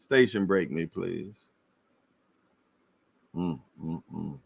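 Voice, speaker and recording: A man hosting a casual boxing livestream, slangy and animated, laughing and repeating himself as he reads viewer comments. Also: deep voice, very slow, creaky, slightly rough. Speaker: livestream host.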